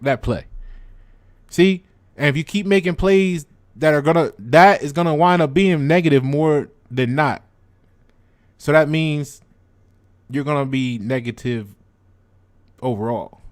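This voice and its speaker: A man's voice: medium pitch, dry recording. A man hosting a trading channel, chatting casually to his viewers with lots of repeated words and direct asks like "you see what I'm saying". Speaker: stock trading channel host. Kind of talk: casual explanatory chat to viewers.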